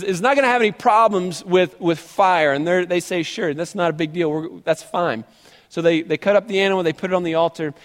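A man with a high voice preaching a sermon, moving between scripture reading and lively retelling. He often repeats himself as he talks. His voice rings with a long reverb. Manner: animated preaching, reads scripture aloud, repeats words.

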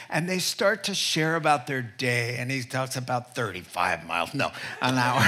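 Animated bright-voiced male preacher. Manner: animated storytelling with wide pitch swings; drops to soft, quiet delivery for emphasis. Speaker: pastor. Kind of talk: sermon.

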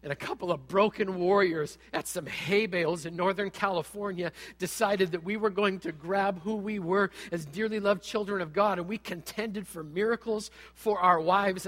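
A middle-aged man preaching a sermon, telling a personal story with animated, humorous asides. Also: high voice, moderate pace, few pauses, in a large hall.

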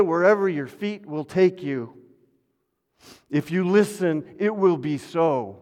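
A man preaching a sermon as pastor, swinging from loud refrains to hushed asides and calling on the congregation to repeat after him. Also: sits high, animated, measured pace. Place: church sanctuary. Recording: long hall reverb.

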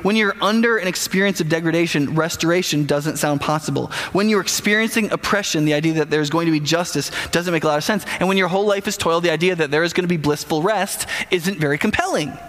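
A man's voice: a little high, quick pace, hardly any pauses, fairly bright tone, long reverb tail. A man preaching a sermon in a conversational way, often stammering and restarting and putting questions to the listeners.

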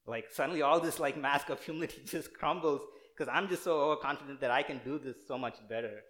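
A man's voice: a little high, fast talker, fairly bright tone. A young man from India, preaching a casual, earnest sermon full of fillers and restarts. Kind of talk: conversational sermon.

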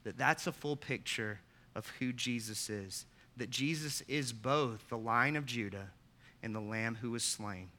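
Bright-voiced man preaching a sermon. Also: mid-range voice, measured pace. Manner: earnest preaching, rising to loud emphatic peaks; asks the listeners direct questions. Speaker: pastor.

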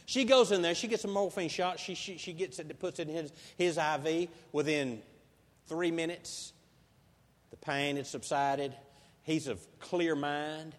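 A preacher with a high voice tells his stories in a homespun, folksy way. He swells into loud, emphatic passages as he drives each point home. His voice carries through a big church hall with a long, ringing reverb. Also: a little slow. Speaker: pastor. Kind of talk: sermon.

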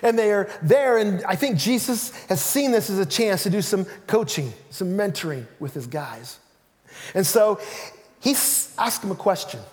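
High-voiced male pastor preaching in a hall. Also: normal speed. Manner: animated storytelling, acting out quotes with a laugh. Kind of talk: sermon. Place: church sanctuary. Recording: reverberant church hall.

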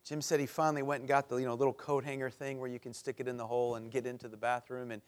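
A man preaching to a men's group, telling a story with lively voices and closing in a soft, earnest prayer. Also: mid-range voice, rapid-fire.

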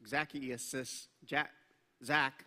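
A man preaching a sermon as pastor, animated and acting out the voices he quotes. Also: mid-range voice, very slow. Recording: long reverb of a large hall.

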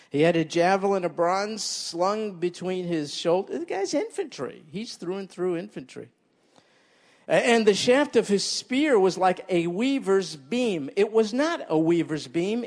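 Animated preacher with a lively high voice. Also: male voice, long reverb tail. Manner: animated, asks listeners questions. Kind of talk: sermon.

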